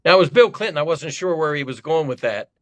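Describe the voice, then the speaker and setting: An older man from Ohio, a former congressman, appears as a podcast guest and tells rambling, self-deprecating stories in casual conversation. His voice is on the high side, lively in intonation, and fast.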